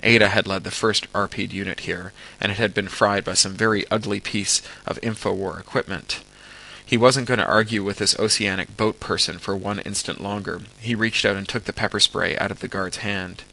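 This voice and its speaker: A man reading a story aloud as an amateur audiobook, steady with occasional stumbles. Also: fairly low pitch, normal speed, creaky, poor audio. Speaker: narrator.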